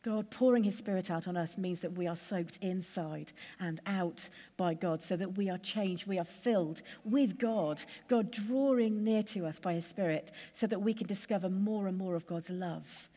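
A woman preacher giving a sermon in a measured, conversational way, building lists with steady pauses. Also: lowish voice, long reverb tail.

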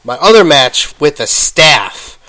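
A man hosting a podcast, telling a story in casual solo talk while getting over an illness, halting with many ums and restarts and stopping now and then to cough. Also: a little high, sing-song, pushed and bright. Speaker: podcast host.

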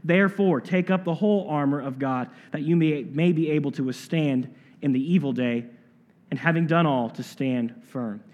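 A man preaching a sermon as pastor, earnest, slowing down to stress key phrases. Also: on the high side, a little mellow, muffled recording. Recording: long hall reverb.

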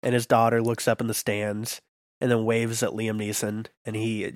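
A man's voice: fairly low pitch, flat delivery, no echo, clean studio sound. A man co-hosting a casual comedic chat, spinning long silly made-up plots. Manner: spins long silly made-up plots, puts on quick voices.

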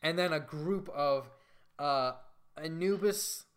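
A man's voice: fairly high pitch, slow pace, smooth. A man casually retelling a comic book plot with plenty of swearing, quoting the characters as he goes. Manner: profane, retells a comic with quoted voices. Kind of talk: casual storytelling. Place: indoor room with others nearby.

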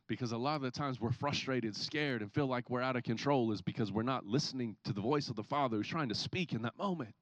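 A man in his thirties preaching a sermon as a pastor, telling stories in an animated way and acting out the scenes. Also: mid-range voice, brisk, hardly any pauses, no echo. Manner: animated storytelling, acts out scenes. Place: church.

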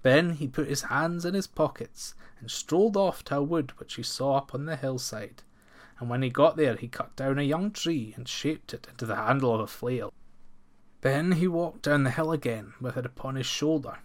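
A man narrating an old folk tale in a steady, expressive storybook reading. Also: mid-range voice, normal speed.

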